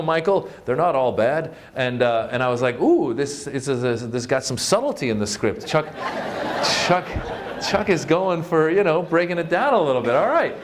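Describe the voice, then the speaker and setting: A man from Northern California giving a humorous storytelling talk, chatty and self-mocking, often stopping to restart with fillers. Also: medium pitch. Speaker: author and comedian giving a talk.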